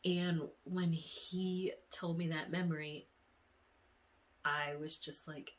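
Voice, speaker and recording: A young woman vlogger emotionally retelling a dream in a casual, animated way. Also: deep voice, slow pace. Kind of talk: casual storytelling.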